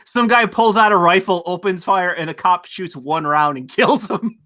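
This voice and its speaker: A man with a bright, forceful and fairly high voice talks in a loose, casual way, swearing freely. He gets animated as he tells stories and jumps into high-pitched impressions of other people. Now and then his voice drops low. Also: moderate pace. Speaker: streamer host. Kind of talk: casual chat.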